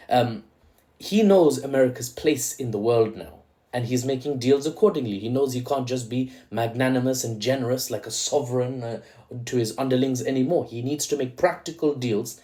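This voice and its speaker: A man's voice: medium pitch, warm tone. A man hosting solo geopolitics commentary, casual and analytical, checking in with "right?" after his points and adding playful asides.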